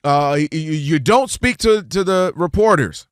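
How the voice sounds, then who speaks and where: A man's voice: a little high, lively intonation, a little slow, clean tone, no room sound, clean studio sound. A man hosting a sports talk show, arguing his point and acting out quotes in other voices, repeating words when fired up. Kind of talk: animated sports debate.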